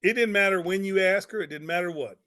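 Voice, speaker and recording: A man, a pastor, giving a motivational talk with energetic storytelling and repeated phrases for emphasis. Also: high voice, quick pace. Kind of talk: motivational talk to network marketers.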